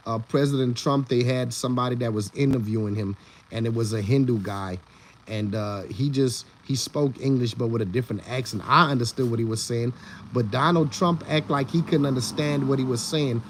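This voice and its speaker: Hosting a casual live stream, a man speaks briskly in a mid-range voice. His talk wanders, full of restarted sentences and repeated words, and he calls out chat viewers by name.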